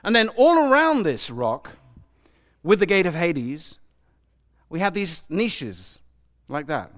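Male preacher, animated sermon delivery, lively pitch swings, slightly higher voice, quizzes the congregation. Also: slow. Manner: animated, questions the audience, acts out quoted voices.

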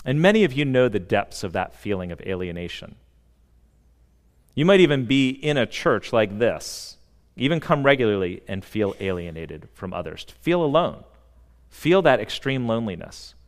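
A man with a fairly low voice delivers a sermon in a church sanctuary. He speaks earnestly and stresses key words, letting dramatic pauses hang. The sound carries a long, reverberant hall tail. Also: very animated. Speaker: pastor.

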